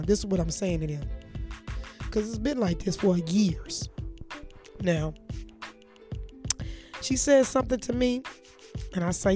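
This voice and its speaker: A woman's voice: mid-range voice, unhurried, pauses often, darkish tone, faint music behind. A young woman telling a story to her viewers, blunt and profane, speaking straight to her audience. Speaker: vlogger. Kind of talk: casual storytime chat.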